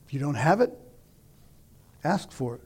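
A middle-aged male pastor preaching a sermon, telling stories and asking questions, dropping to near whispers and rising to shouts. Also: a little high, lively intonation, normal speed. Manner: dramatic, swings from hushed near-whispers to shouting; conversational storytelling with rhetorical questions.

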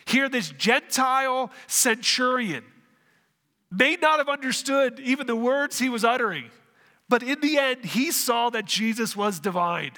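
High, bright-voiced preacher man. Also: expressive, in a large hall. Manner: earnest preaching with dramatic pauses. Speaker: pastor. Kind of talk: sermon.

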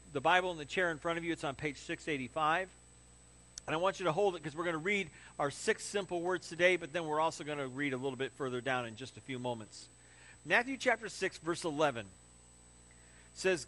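A male pastor preaching to his congregation in a high, bright voice. He keeps it conversational and drops in rhetorical questions and humor. When he plays out stubborn self-reliance, his voice climbs and presses harder. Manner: conversational preaching with audience asides; mimics stubborn guys with rising emphasis. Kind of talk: sermon. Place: church sanctuary.

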